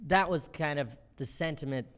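A comedian and show creator in his thirties is a guest in a casual interview, his voice a little high. He tells quick, animated stories, acting out quotes and laughing along.

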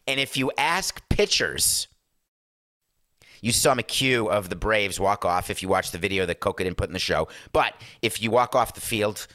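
A middle-aged man with a hoarse voice, ranting emphatically and sarcastically as a sports talk show host. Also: fairly low pitch, expressive, moderate pace, bright, forceful tone, no room sound, clean studio sound. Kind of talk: impassioned talk-show rant.

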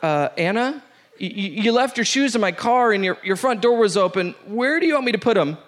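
A man's voice: high-pitched, lively intonation, fairly quick, fairly bright tone. A man voicing a flustered young boyfriend who stammers and yelps when alarmed. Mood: awkward.

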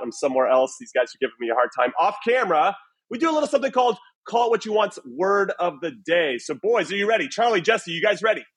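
A male podcast host with a fairly high, husky voice, leading the show in an upbeat, playful way. He banters loosely with his co-hosts and sets up a guessing game. The sound has the feel of a video call. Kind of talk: casual soccer podcast chat. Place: away from his usual recording spot.

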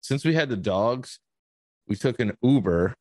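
A man's voice: mid-range voice, expressive, measured pace, darkish tone, no room sound. A young man, cursing casually as he tells a long story on a podcast. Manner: profane, rambling storyteller. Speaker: podcast host.

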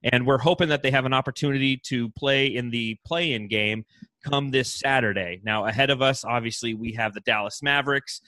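Bright, energetic podcast host man. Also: mid-range voice, fairly quick, no echo. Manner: energetic, joking, hypes the team. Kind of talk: casual sports podcast chat.

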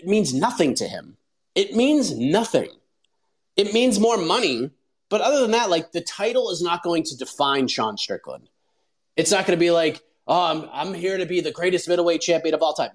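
A man's voice: sits high, poor audio. A man in his forties hosting a show, telling stories in casual commentary with lots of "like" and fillers. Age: 40s. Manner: animated storyteller, lots of fillers. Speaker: host.

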